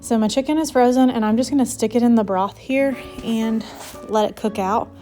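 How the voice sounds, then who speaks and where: Chatty, slightly breathless young mom. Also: female voice, fairly high pitch, normal speed, warm tone, soft background music. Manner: rambling, chatty, many fillers. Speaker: vlogger, mother of six. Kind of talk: casual cooking voice-over.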